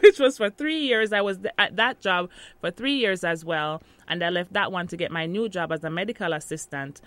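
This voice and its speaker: A woman's voice: fairly low pitch, bright, forceful tone, no echo. A woman in her thirties from Jamaica with a Jamaican accent, chatting casually in an interview and laughing often.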